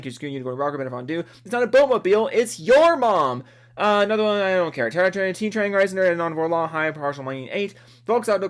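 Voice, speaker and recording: A man from Seattle reading out a long list of supporter names into a close desk microphone, excitable and profane, laughing at his own slips. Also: on the high side. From US, Seattle area. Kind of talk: rapid-fire casual list reading.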